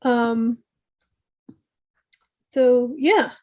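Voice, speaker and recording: A woman co-hosting a fan podcast, recapping episodes in a casual, animated way and acting out characters' lines. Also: a little high, extremely slow, highs cut off. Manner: animated storytelling recap, laughs often, acts out quotes. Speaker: podcast co-host.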